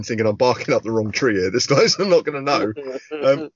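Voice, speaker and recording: A man in his forties chats on a podcast, telling a story with lots of swearing and laughter. His pitch swoops widely as he goes. The sound is dull and lo-fi in a dry room. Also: expressive, normal speed, dry recording. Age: 40s. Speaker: podcast co-host. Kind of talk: casual podcast chat.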